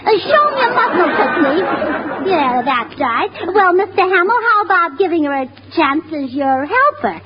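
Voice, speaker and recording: Chirpy scatterbrained wife. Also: female voice, very high voice, sing-song, normal speed. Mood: gushing. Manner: breathless, gushing, illogical chatter. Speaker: comedic wife in a radio sitcom. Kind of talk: 1940s radio comedy acting. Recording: dull old radio broadcast, audience, hiss.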